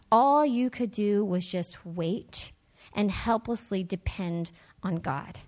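A woman, a teacher, giving a personal church testimony in an earnest, conversational way that repeats its key phrases. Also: medium pitch. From United States.

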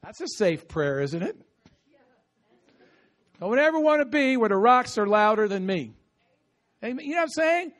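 Male preacher with a high voice, lively and chatty, coaxing the crowd to answer back. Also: moderate pace, long pauses. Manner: animated, talkative, with bursts of laughter and call-and-response. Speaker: pastor. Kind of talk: sermon. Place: outdoor gathering with insects audible. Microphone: no microphone at times.

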